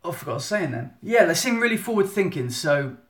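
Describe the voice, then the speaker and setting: A man's voice: a little high, big pitch swings, quick pace, a bit bright. A man, chatting casually and rambling a little as he gives a photographer's monthly live update from his phone at home. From England. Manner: chatty, rambling, self-interrupting. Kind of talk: casual live-stream chat. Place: indoor room at home. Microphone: phone at arm's length. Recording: echoey room on phone.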